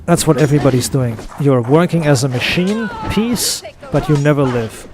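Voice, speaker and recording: A man's voice: on the high side, lively intonation, moderate pace. A man making a gaming video who goes on a frustrated, profane rant, repeating himself as he talks. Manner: frustrated, profane, repetitive ranting. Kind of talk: off-topic rant over gameplay.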